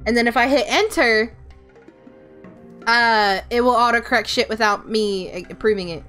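A woman livestreaming a game, talking loosely and answering her chat with casual swearing. Her voice sits a little high, and soft game music plays under her. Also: moderate pace. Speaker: VTuber streamer.

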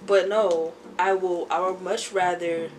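A woman's voice: fairly low pitch, slight background noise. A young woman vlogging at home, telling rambling stories while doing her makeup. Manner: chatty, rambling storytelling with frequent laughs. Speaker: beauty vlogger.

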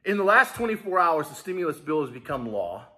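A man's voice: on the high side, very animated, brisk, pushed and bright. A man hosting a small business video blog, talking straight to viewers in a hyped, rallying way that turns emotional. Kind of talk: casual emotional vlog.

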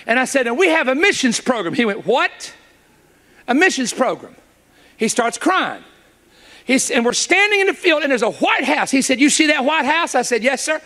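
A middle-aged man with a very high voice preaches a sermon, telling a story, acting out its dialogue, and building up to shouts.

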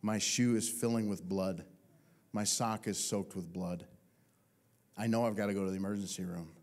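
A man preaching a sermon as pastor, telling a comic personal story with lively swings and self-mocking humor. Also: low-pitched, moderate pace.

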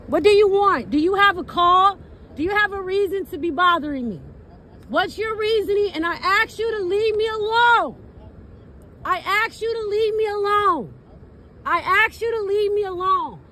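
A woman with a very high voice confronts officers outdoors at night, filming on her phone. She repeats herself and swears, with faint street noise and passing cars around her. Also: moderate pace, pushed and bright. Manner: angry, repetitive, profane. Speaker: citizen recording a police encounter. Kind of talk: angry confrontation filmed on a phone. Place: outdoors in a parked car at night.

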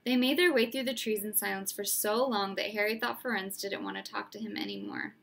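A woman narrating a storybook aloud in a steady, expressive way. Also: medium pitch, a little fast, gravelly. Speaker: reader.

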